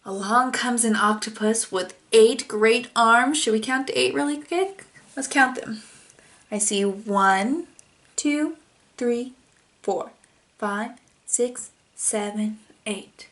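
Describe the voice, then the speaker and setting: A young woman who teaches toddlers, reading a picture book aloud and gently explaining feeling words. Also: on the high side, slow pace.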